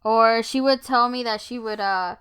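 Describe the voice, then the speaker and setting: A woman co-hosting a comedy podcast, chatting casually with wry, deadpan asides. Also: a little high, moderate pace, clear, resonant tone, no room sound, clean studio sound. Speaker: podcast co-host.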